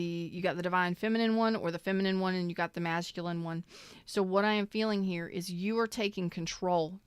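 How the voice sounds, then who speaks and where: A woman reads tarot live in a loose, emphatic way, swearing freely and preaching at her viewers. Her voice is smooth and clear. It sounds dry and close, with no room around it. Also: lowish voice, no echo. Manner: emotional, close to tears. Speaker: tarot reader.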